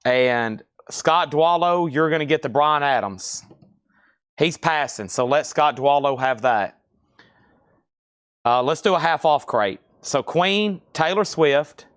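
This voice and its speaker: A man hosting a live-streamed record sale, chatting to buyers by name and pitching albums. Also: fairly bright tone, dry recording, studio quality. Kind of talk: live-stream sales patter.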